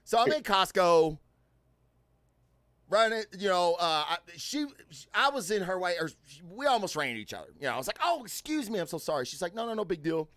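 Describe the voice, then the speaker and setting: Recorded dry on a studio mic, this man's high voice is very animated and brisk as he hosts a casual podcast. He swears plenty and tells loud, loose stories thick with fillers.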